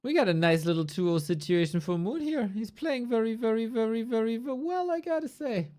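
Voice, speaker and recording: A woman's voice: a little high, brisk, warm tone. A woman esports caster chatting casually on a live stream, loose and playful, swearing and chuckling as she goes through rankings.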